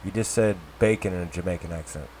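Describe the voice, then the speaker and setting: A man's voice: low-pitched, fast talker, darkish tone, a little hiss or hum. A man co-hosting a podcast, joking around in casual chat. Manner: joking, playful.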